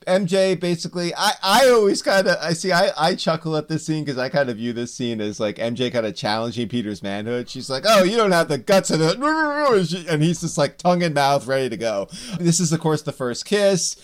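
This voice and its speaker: Smooth-voiced chatty male podcaster. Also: on the high side, brisk, few pauses. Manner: rambling, self-interrupting, laughing often. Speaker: podcast co-host. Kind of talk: casual comic book podcast chat.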